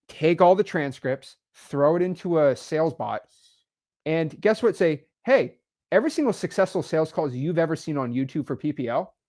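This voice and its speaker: Young dude podcast host, hyped and emphatic, slangy, kinda high voice. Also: male voice, darkish tone. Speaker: podcast host, real estate investor. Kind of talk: casual podcast chat.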